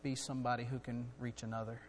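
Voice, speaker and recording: A middle-aged man preaching a sermon in a church, earnest and building to loud, urgent storytelling. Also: medium pitch, level tone, quick pace. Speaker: guest preacher. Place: church sanctuary. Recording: long hall reverb.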